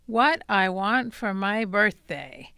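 A woman's voice: mid-range voice, animated, takes it slowly, creaky, sharp tone, smooth, no echo, clean studio sound, heavily acted. A woman voicing a self-centered cartoon pig, read from a comic strip. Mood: blunt. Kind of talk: reading a comic strip aloud.

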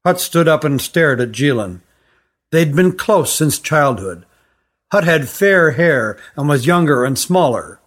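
Brief: male storyteller, fairly high voice, steady measured reading. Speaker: narrator.

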